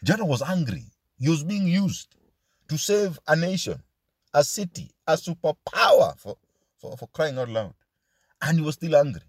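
A man's voice: on the high side, very animated, moderate pace, no room sound, studio quality. A man preaching a sermon as pastor, asking his listeners question after question and dropping into Swahili asides.

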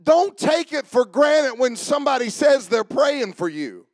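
A male pastor preaching a sermon in church. He starts low and conversational, then builds to shouted preaching and calls out to church members by name. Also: big pitch swings, unhurried, no echo.

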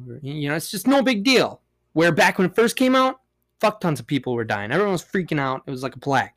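A young man hosting a casual solo podcast, ranting in a profane, rambling way with big swings in pitch and loudness. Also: very animated, fairly quick. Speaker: podcast host.

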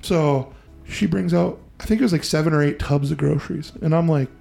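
A man hosting a podcast, telling a story in a casual, profane, animated way and acting out the voices he quotes. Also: on the high side, fairly quick, gravelly, faint music behind. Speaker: podcast host.

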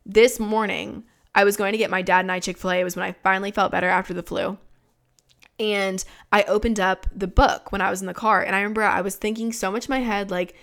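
Speaking quickly with a flat delivery, a young woman in her twenties has a medium-pitched, creaky, fairly bright voice. As a podcast host, she recounts a personal story candidly and casually, with frequent swearing and plenty of "like" fillers.

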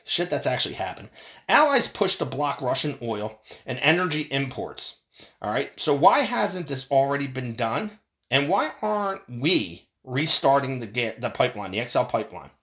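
A man rants through a solo commentary, his pitch swinging up and down with animated energy. He swears freely and jumps from loud bursts to low mutters. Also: normal speed.

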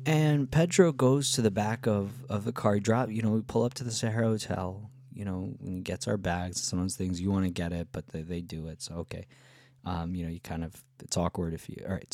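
A man's voice: on the low side, warm tone, dry recording. A man telling a travel story in a casual, rambling way, full of fillers and cheerful swearing. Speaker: travel vlogger.

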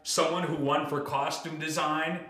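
Man, podcast host, casual chat, animated profane rant, slightly high voice, roomy echo. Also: normal speed.

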